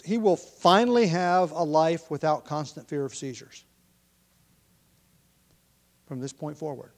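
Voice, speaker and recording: In an easygoing sermon, a preacher talks his way through a Bible passage, his mid-pitched voice broken by ums, restarts and the odd clearing of his throat.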